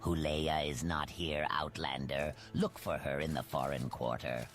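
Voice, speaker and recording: A man's voice: extremely low pitch, steady tone, measured pace, a bit bright. A man voicing a wary, grave male cat-folk bookseller in a game who speaks of himself by name. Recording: game audio over music.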